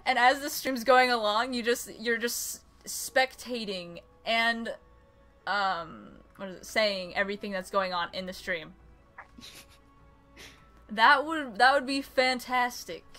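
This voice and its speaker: A woman's voice: mid-range voice, a little slow, sharp tone, faint music behind, poor audio. A woman hosting a casual group Q&A on a stream, prompting everyone to ask each other questions. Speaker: stream host.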